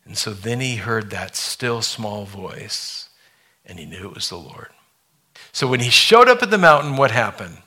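A man preaching a sermon to his church, reading scripture aloud and slowing down for dramatic effect. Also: fairly low pitch, very animated, sharp tone, husky. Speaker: pastor.

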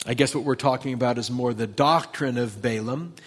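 A man's voice: mid-range voice, brisk, husky. Conversational male pastor telling stories. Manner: conversational, storytelling, acts out quotes. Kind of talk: sermon.

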